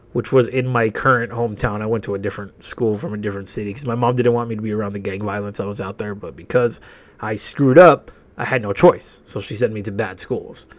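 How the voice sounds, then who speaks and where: Rambling young man telling a story. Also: medium pitch. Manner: rambling, profane, laughing between sentences. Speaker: gaming channel host. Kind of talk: casual storytelling over gameplay.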